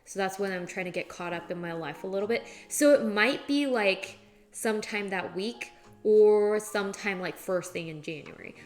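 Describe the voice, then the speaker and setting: A young adult woman streams herself cooking in her home kitchen, chatting casually at a moderate pace in a medium-pitched voice. She rambles, using "like" as a filler a lot.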